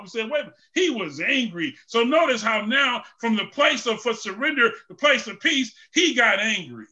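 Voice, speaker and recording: A man a sermon, swinging between shouted peaks and soft, searching questions to the congregation. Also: very high-pitched, animated, normal speed, hardly any pauses. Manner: call-and-response preaching, shouting at peaks, dropping to soft questions. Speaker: preacher.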